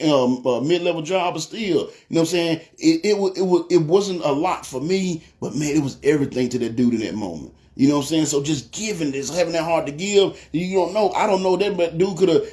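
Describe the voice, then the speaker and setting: A man's voice: a little high, a little mellow. A young man, telling a testimony in a casual sermon and often asking "you know what I'm saying.". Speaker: preacher.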